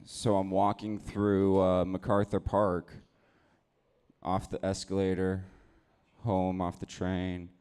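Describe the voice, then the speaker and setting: A young man doing a stand-up set at a comedy club on a handheld mic, telling his stories in a laid-back deadpan way. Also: low-pitched, clear, resonant tone.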